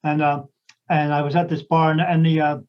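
A man with a notably high voice tells a story in a loose, rambling way, stopping and restarting and acting out what others said. He speaks as a psychic medium in a casual conversation. The sound is a little dull and lo-fi. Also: flat delivery, a little fast. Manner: rambling, full of restarts and acted-out quotes.

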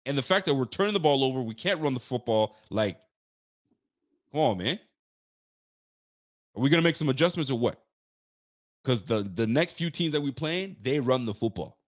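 A man's voice: mid-range voice, expressive, moderate pace, long pauses. A fired-up man giving a rambling sports rant, full of restarts and street slang. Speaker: sports fan commentator. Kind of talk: heated football rant.

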